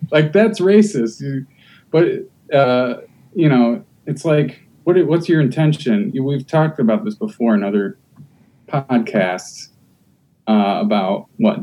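A man talking loosely on a podcast, his voice mellow and soft-edged. He rambles through his points with lots of fillers and restarts, casual and unscripted. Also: medium pitch, rough recording. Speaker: podcast host.

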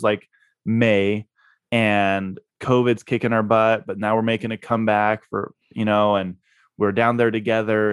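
A man's voice: fairly low pitch, smooth, no room sound, clean studio sound. A man being interviewed, telling a story in a laid-back way and laughing at himself. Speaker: guest, real estate investor.

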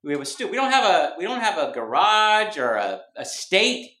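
In a high, bright, forceful voice that is very animated yet moderately paced, a Mountain View, California comedian rambles self-mockingly on a club stage before a live audience. The recording is roomy, with background noise.

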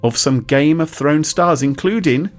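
A man's voice: fairly high pitch, a little slow, faint music behind. A man hosting a casual tech news chat, wry and chatty, explaining with asides. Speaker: podcast host.

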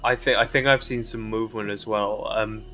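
A man speaking hesitantly and quietly as a player in a tabletop game. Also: lowish voice, steady tone, normal speed, soft background music.

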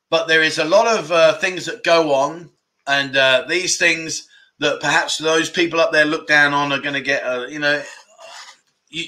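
A man hosting a casual livestream, chatting, joking and reading out viewer comments in a rambling, animated way. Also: fairly high pitch, poor audio. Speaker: livestream host.

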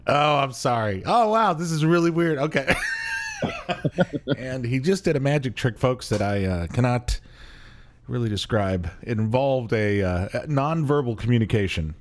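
A man's voice: mid-range voice, expressive, normal speed, slight background noise. A man hosting a podcast in a casual chat, joking at his own expense and laughing often. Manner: jokey, self-deprecating, laughs often. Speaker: podcast host.

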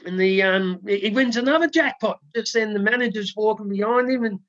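A man co-hosting a podcast, telling a joke in a relaxed, halting way with many ums and restarts. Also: sits high, dry recording. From Australia. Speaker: podcast co-host. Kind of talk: casual chat, telling a joke. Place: home studio in the UK. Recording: dry, slightly dull sound.

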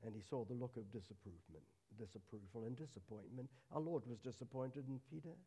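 A middle-aged man preaching a sermon at a church service, earnest, dropping to a hush on solemn lines. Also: mid-range voice, a little fast, slightly rough.

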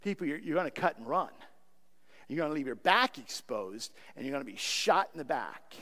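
Male pastor, high voice, earnest pleading sermon delivery, long hall reverb. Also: sing-song, brisk, pushed and bright. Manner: earnest, pleading, repeats words.

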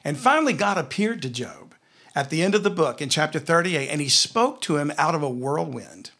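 A man with a Southern US accent teaching a conversational Bible lesson, telling stories and slowing down to read scripture aloud. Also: on the high side, animated, bright, forceful tone. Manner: storytelling, slows down to read scripture.

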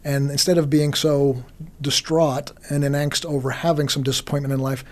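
A pastor speaks in a podcast chat, earnest and searching, often restarting his sentences. His voice sits a little high for a man. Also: little pitch movement. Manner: earnest, halting, many restarts. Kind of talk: reflective podcast conversation.

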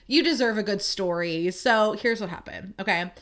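A young woman hosting a podcast, telling a long casual story in a chatty, lively way full of "like" and the odd swear word. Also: medium pitch, normal speed. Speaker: podcast host.

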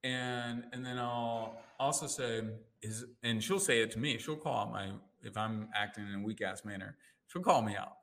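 A man speaks as a life coach in a relaxed, chatty interview, with a voice of middling pitch. He talks in an animated way and acts out the voices in his head with sudden jumps in pitch. Now and then he chuckles at himself while telling stories. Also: moderate pace. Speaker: life coach and NLP practitioner. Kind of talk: casual conversational interview.

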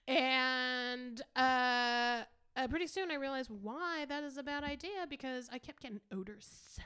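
A woman's voice: high-pitched, moderate pace, sharp tone, clean tone. Blunt, foul-mouthed woman podcaster. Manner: blunt, swears freely, trails off and restarts. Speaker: podcast co-host. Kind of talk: casual profane chat.

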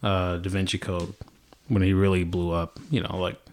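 Rambling man with a low voice. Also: little pitch movement, moderate pace, darkish tone. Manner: rambling, many fillers and restarts, laughs often. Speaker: podcast guest. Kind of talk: casual chat.

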